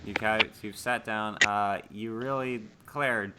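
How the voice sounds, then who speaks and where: A man running a tabletop horror game as game master, relaxed, often asking the players what they do. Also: lowish voice, slow, heavy background noise. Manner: relaxed, asks players questions, fillers.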